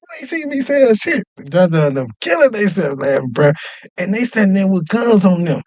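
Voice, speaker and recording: A man telling a story in a casual, animated and profane way, often checking in with "you know what I mean". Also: sits high, fairly quick, no echo. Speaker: podcast host telling a story.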